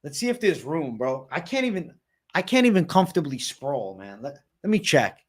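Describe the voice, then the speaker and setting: A man's voice: a little high, very animated, normal speed, slightly rough. Slangy man chatting on a livestream. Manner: profane, slangy, reads and answers chat comments. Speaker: livestream host answering chat. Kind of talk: casual livestream chat.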